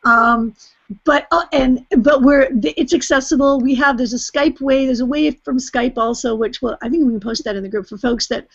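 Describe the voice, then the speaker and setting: A woman's voice: high voice, normal speed, gravelly. A woman hosting an online group call, effusive and chatty, often restarting her sentences. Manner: effusive, chatty, repeats herself. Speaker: host. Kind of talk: webinar hosting, casual. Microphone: video call. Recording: dull lo-fi video call audio.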